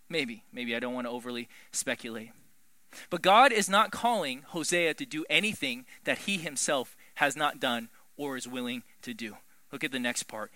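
A man preaching a sermon in an animated, emphatic way, swinging between loud pushes and hushed lines. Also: high voice, normal speed, no echo.

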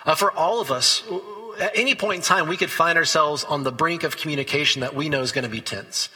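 A man's voice: fairly high pitch, fairly quick, pushed and bright, breathy edge, big-room sound, rough recording. A man preaching a sermon as pastor, talking conversationally and telling stories between scripture readings.

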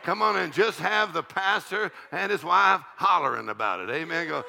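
A man's voice: high-pitched, lively intonation, normal speed, gravelly, hardly any pauses, bright, forceful tone, a little hiss or hum. An older man, a pastor preaching an evening sermon in a folksy, joking, call-and-response way.

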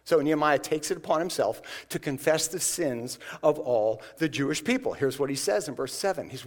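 A man's voice: mid-range voice, lively intonation, fairly quick. A man preaching a sermon in a conversational way, acting out the voices of the people in the passage. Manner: conversational, acts out scripture voices. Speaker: pastor.

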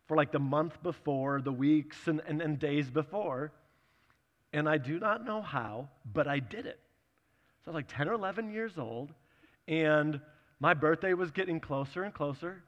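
A man in his thirties preaching, telling a personal story in a chatty, animated way and acting out the dialogue. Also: a little high, moderate pace, big-room sound, lo-fi sound.

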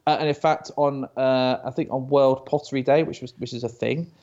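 A man's voice: mid-range voice, fairly even intonation, fairly quick, a little mellow, highs cut off. A British man chatting as an interview guest, often stammering and restarting, telling stories. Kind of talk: casual interview chat.

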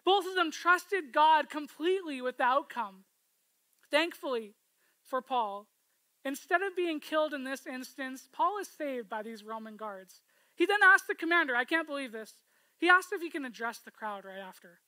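A woman preaching a sermon in a high, bright voice. She retells the scripture story expressively, often asking listeners to imagine themselves in it. The sound is dry and close. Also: animated, normal speed, no echo, rough recording.

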